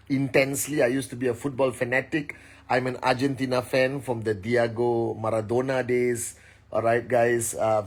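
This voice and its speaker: Energetic man hosting a livestream. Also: medium pitch. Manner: energetic, calls out viewer names, greets in many languages. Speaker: livestream host greeting viewers. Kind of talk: casual livestream talk.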